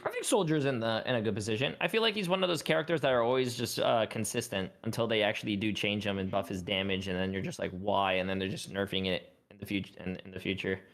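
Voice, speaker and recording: A man chatting casually on a gaming panel, relaxed, slangy and joking. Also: fairly low pitch, fast, hardly any pauses. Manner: laid-back, slangy, joking.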